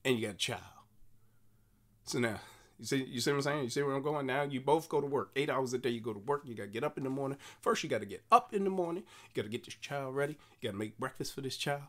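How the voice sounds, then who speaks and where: A man in his forties, a comedian delivering an animated, repetitive monologue. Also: medium pitch, fast. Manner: animated storytelling with repeated phrases.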